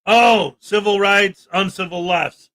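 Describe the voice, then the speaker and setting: A high-voiced man hosts a livestream, speaking slowly over a noisy background. He offers sarcastic, indignant commentary and fires back at comments in the chat.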